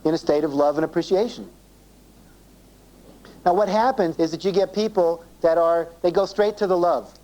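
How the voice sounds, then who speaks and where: A man speaks to a seminar audience in a mellow, warm voice, stopping often to check that they follow. He acts out both sides of everyday conversations. The sound comes from an old 1980s cassette tape. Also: a little high, normal speed, pauses often, low-quality recording. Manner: acts out dialogue in quoted voices, asks the audience questions. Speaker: self-esteem seminar speaker. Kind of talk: live seminar talk to an audience.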